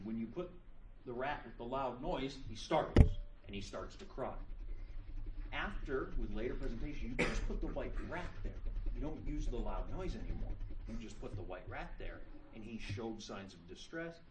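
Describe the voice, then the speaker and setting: Heard from a distance in an echoey classroom with heavy background noise, a man lectures on psychology at a moderate pace in a mid-range voice. He tells the story animatedly, joking and gasping for dramatic effect.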